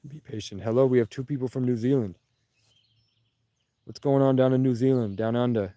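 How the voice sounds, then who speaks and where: A man's voice: mid-range voice, fairly even intonation, fairly quick, dark tone, no echo. A man livestreaming outdoors in the countryside, rambling casually and answering viewers' comments. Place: outdoors in rural Vermont.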